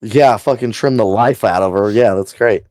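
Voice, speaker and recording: A man's voice: lowish voice, normal speed, a little mellow, dry recording. A man co-hosting a crude comedy podcast, talking bluntly and profanely in a laid-back way. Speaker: podcast co-host. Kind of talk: crude casual banter.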